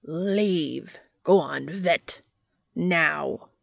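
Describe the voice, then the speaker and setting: A woman voicing a petulant, sinister entity in a read-aloud fan fiction story, taunting in a hushed sing-song half-whisper. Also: deep voice, drawn-out words, gravelly, no room sound, studio quality, heavily acted. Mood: menacing. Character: mocking shape-shifting entity, sinister, petulant.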